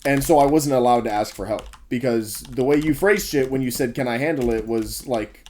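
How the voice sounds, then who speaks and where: A man's voice: medium pitch, brisk, darkish tone, a little hiss or hum. A young man telling a frustrated story about his restaurant shift, ranting and swearing freely in a casual vlog. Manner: mutters asides to himself while building in a game.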